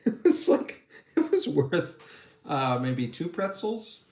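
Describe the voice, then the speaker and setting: A man's voice: on the high side, wildly swooping pitch, slow, a little mellow. A man casually chatting on a livestream while painting miniatures, jokey and rambling, laughing often. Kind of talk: casual chat. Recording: echoey room with faint noise.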